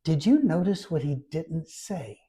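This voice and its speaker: Mellow-voiced man preaching conversationally. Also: a little high, sing-song, measured pace. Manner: emphatic, repeats key phrases. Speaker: preacher and Bible storyteller. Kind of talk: conversational sermon.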